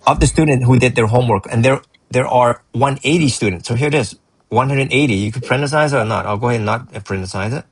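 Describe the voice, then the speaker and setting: A man's voice: medium pitch, husky, no room sound, poor audio. A man tutoring math and going over a student's work, encouraging and rambling, often restarting his sentences.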